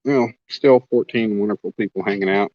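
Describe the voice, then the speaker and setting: A man's voice: lowish voice, fairly even intonation, fairly quick, dry recording, muffled recording. A man from Oklahoma chatting casually on a fishing livestream outdoors, reading comments and joking with viewers. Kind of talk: casual live-stream chat reading comments. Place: outdoors at a lake bank.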